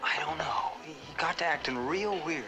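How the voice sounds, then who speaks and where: A man's voice: a little high, moderate pace, over music, lightly acted. A man playing a folksy, offhand college official in a 1960s film.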